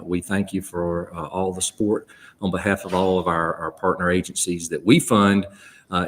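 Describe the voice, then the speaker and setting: A folksy Southern man hosts a live charity auction broadcast, his voice sitting on the low side. He rambles warmly through fillers and slips easily into auctioneer patter. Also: slight background noise. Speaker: auctioneer and radio auction host. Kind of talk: live radio broadcast chat.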